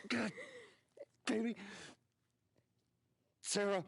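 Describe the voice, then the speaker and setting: A man's voice: sits high, steady tone, extremely slow, creaky, voice pushed up, exaggerated voice. An actor playing a desperate father who sobs and pleads as he holds his hurt daughter. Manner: pleading, sobbing. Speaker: game character. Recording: game audio with loud music.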